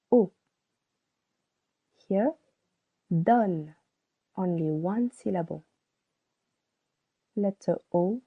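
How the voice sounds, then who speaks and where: A woman giving a scripted language lesson, speaking slowly and deliberately and repeating each word for learners to copy. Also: lowish voice, vocal fry, breathy edge, no room sound. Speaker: French teacher. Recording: dry, tinny phone-like sound.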